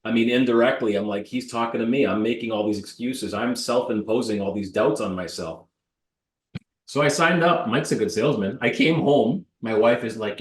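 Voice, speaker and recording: A man in his thirties from Canada, a real estate broker telling blunt, lively stories in an interview and mimicking the people in them. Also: mid-range voice, moderate pace. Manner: blunt, animated, mimics voices in anecdotes. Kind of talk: interview storytelling. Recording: roomy echo.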